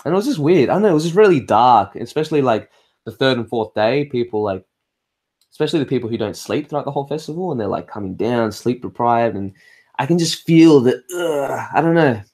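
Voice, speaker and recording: A man's voice: mid-range voice, animated, brisk, a little mellow. An Australian man chatting casually on a livestream. He rambles, swears freely, restarts his sentences often and answers viewer comments as they come in. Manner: reads viewer comments aloud and answers them. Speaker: livestream host.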